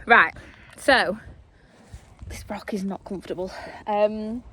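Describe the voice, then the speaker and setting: A woman's voice: medium pitch, slow, bright, forceful tone, slight background noise. A young woman, chatting casually to a handheld phone in a big field with horses and dogs. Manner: chatty, laughing asides, talking to animals. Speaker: vlogger. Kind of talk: casual vlog chat.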